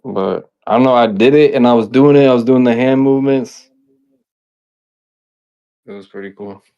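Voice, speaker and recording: A man on a group call, explaining haltingly with laughter. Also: medium pitch, mellow, clean tone, muffled recording. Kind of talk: casual group call chat.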